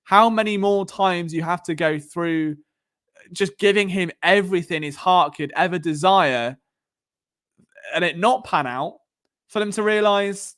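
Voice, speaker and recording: A young man with a southern English accent hosts a casual live stream, chatting through his thoughts at length. He rambles, often stops to restart sentences, and leans on fillers, and his voice sits a little high for a man. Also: measured pace, a bit bright. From England. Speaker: podcast host.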